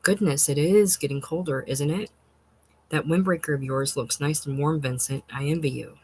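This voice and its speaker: A reader voicing a gentle, earnest female schoolteacher with a soft, pleading manner, in a short-story reading. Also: medium pitch, normal speed, slightly rough, rough recording. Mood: cheerful.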